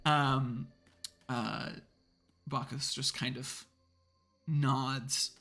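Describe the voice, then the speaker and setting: A man's voice: medium pitch, flat delivery, very slow, bright, forceful tone. A man narrating a tabletop horror game as game master, meandering with many hedges and fillers.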